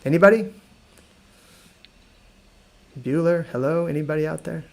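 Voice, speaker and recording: An American man teaching an online English lesson, repeating words slowly and joking with viewers. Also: fairly high pitch, creaky. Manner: slow careful repetition of words, friendly and joking.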